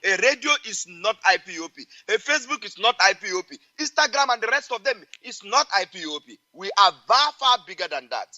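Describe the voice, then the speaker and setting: A man's voice: sits high, animated, fairly quick, few pauses, bright, forceful tone, lo-fi sound. A man with a Nigerian accent calling into a radio show, speaking in a preachy, emphatic way and repeating phrases. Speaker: caller.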